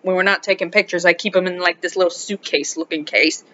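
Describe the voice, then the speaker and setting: A high school English teacher from South America tells a story in a casual vlog, talking fast and sounding animated and exasperated, sometimes dropping into muttered asides. The recording is dull and lo-fi with slight background noise.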